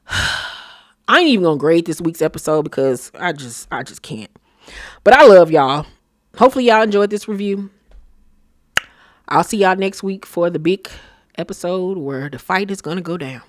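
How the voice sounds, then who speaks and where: A woman recapping a reality TV episode on her channel, blunt, profane and sassy, often breaking into loud outbursts. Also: mid-range voice, no room sound, studio quality. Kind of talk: casual episode recap commentary.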